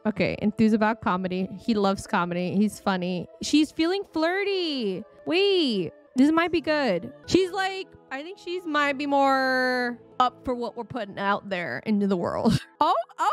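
Lively, giggly woman narrating her game. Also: fairly high pitch, normal speed, hardly any pauses, faint music behind. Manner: chatty, giggly, reacts out loud to the game. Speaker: gaming channel host. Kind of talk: casual let's-play commentary. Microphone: desk microphone.

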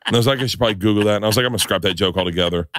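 Rapid-fire and on the low side, a man hosting a podcast spins casual, profanity-laced stories, performing the scenes with lively animation.

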